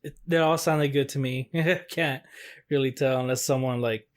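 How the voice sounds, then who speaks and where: A man with a mid-pitched voice chats on a podcast review in an easygoing, relaxed way. He laughs readily as he talks. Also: moderate pace. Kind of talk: casual podcast chat.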